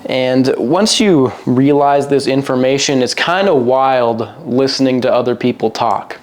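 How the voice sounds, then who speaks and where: Young male vlogger, mid-pitched voice, profane, jokey, wanders off topic. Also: a little slow. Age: young adult. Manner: crude, joking, rambling, mimics others in a high voice. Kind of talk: casual monologue to camera. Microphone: single mic, a cappella opener.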